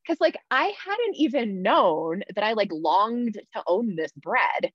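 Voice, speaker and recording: A woman's voice: medium pitch, sing-song, takes it slowly, hardly any pauses, breathy edge, no room sound. A woman talking candidly in casual podcast chat, with lots of "like" fillers. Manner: candid, chatty, many "like" fillers. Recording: slightly dull dry sound.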